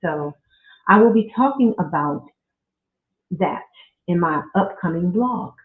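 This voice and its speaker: A middle-aged woman speaks slowly and earnestly, breaking into religious exclamations as she shares her story. She has a medium voice. The sound is thin and phone-like, with an echoey room around her. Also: on the low side, lively intonation. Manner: slow, heartfelt, with religious exclamations. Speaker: podcast host. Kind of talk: casual faith-based personal talk. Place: at home.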